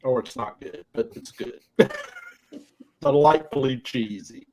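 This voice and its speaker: A man's voice: mid-range voice, takes it slowly, dark tone, a little hiss or hum, poor audio. A man guest-hosting a podcast, telling a casual story and laughing often. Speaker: guest host. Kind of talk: casual chat.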